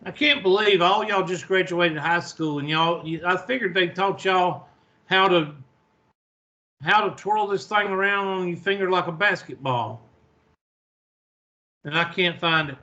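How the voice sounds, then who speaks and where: A man's voice: high voice, measured pace, bright, forceful tone, lo-fi sound. A man teaching a math class online, flustered and talking to himself as he searches for something.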